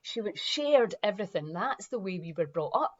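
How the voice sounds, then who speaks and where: With a mid-range voice that swings widely in pitch, this Scottish founder of a wellness movement delivers a fiery motivational talk at a moderate pace. She's emphatic and animated, occasionally impersonating others, and the sound is lo-fi.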